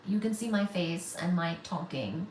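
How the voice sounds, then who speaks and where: A woman's voice: fairly low pitch, lively intonation, normal speed, darkish tone, roomy sound, slight background noise, rough recording. A woman from India hosting a physics channel livestream, reading viewer comments aloud and answering them in a teasing, chatty way. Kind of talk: casual livestream chat.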